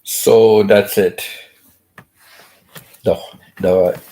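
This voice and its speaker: A man's voice: lowish voice, a little slow, dark tone. An older man, a grandfather, talking casually to camera at home in a wooden house, repeating his phrases and chuckling at himself. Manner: repetitive, chatty, laughs at himself. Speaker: channel host. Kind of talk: casual vlog talk.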